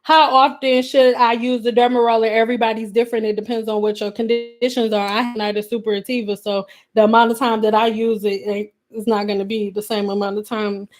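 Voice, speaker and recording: A woman hosting a casual hair care livestream, talking animatedly with a sassy, blunt manner and swinging between loud outbursts and quiet asides. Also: on the high side, little pitch movement, brisk, hardly any pauses, faint music behind. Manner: says her own voice sounds a little aggressive.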